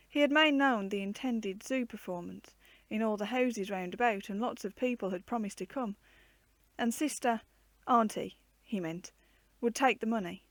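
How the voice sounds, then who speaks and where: A woman reading a children's storybook aloud with an expressive, varied storytelling delivery. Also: a little high, no echo.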